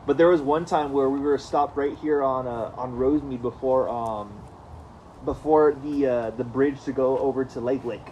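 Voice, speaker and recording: A man's voice: medium pitch, normal speed, a little mellow, muffled recording, a little hiss or hum. Laid-back man telling a story. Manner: laid-back, swears casually, laughs at his own stories. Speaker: podcast co-host. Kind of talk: casual storytelling chat.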